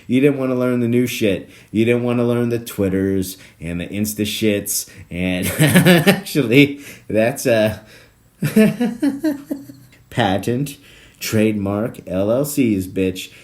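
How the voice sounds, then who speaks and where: A man with a lowish voice hosts his own podcast alone, talking slowly and rambling from one tangent to the next. His pitch swings widely, from low mutters to loud, excited bursts, and he swears and laughs constantly. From South Florida. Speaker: podcast host. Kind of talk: rambling solo podcast monologue.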